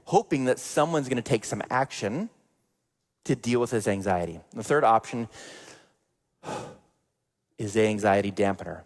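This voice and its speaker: A man preaching a sermon in a conversational way, acting out everyday examples. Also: lowish voice. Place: church sanctuary. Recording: long church reverb.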